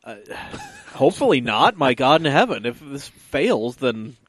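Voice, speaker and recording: A man co-hosting a podcast chats casually and rambles, dropping the odd swear. His voice sits at an ordinary pitch. The recording is dry and close. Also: big pitch swings, unhurried, fairly bright tone, husky, no room sound. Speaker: podcast co-host. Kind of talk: casual chat.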